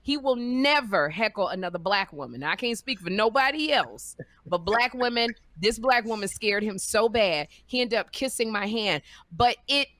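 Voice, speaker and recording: A middle-aged woman hosting a podcast, telling stories in a lively, animated way and acting out what people said. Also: on the high side, no room sound. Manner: animated storyteller, acts out quotes. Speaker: podcast host. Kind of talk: casual chat, storytelling.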